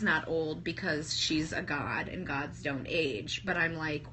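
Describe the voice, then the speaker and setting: A woman in her thirties gushing excitedly to livestream viewers, talking to them by name, her throat sore from singing. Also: low voice, slow pace, hardly any pauses. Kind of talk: casual livestream chat. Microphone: phone held at arm's length. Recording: phone livestream with faint ambient noise.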